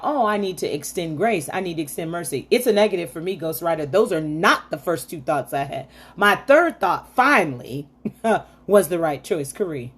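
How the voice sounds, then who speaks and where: A middle-aged woman hosts a motivational faith-based talk for women, her voice low with a breathy edge. She tells stories chattily, full of asides and frequent laughter.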